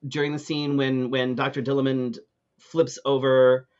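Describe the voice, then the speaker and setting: A man's voice: mid-range voice, little pitch movement, moderate pace, a little mellow, clean tone, dull audio. A man co-hosting a live talk show, telling a ranting story in casual chat, full of fillers and swearing.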